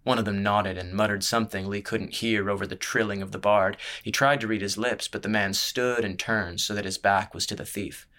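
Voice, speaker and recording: A man narrates a fantasy tale in a steady, measured reading voice. His voice sits on the low side, and he keeps an even storytelling pace throughout. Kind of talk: scripted audiobook narration.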